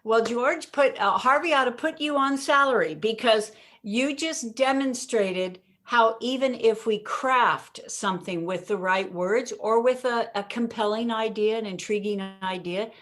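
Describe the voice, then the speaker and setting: A woman speaking as an interview guest, explaining how to deliver a message, acting out her points with pauses and stretched words, often laughing. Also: a little high. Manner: expressive, demonstrates delivery with pauses and emphasis; laughs often while talking. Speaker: communication coach, guest.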